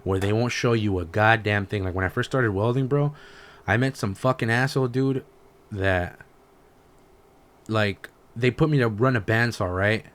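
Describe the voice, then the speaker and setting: A man's voice: lowish voice, normal speed. A man telling work stories on a casual podcast, swearing freely and acting out the people he quotes. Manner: profane, animated storytelling, acting out quoted dialogue. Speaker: podcast co-host; welder.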